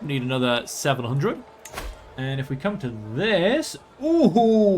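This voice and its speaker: A man with a slightly high, somewhat bright voice hosts a let's play, offering commentary on a strategy game and role-playing his ruler in theatrical, mock-archaic language. There's slight background noise.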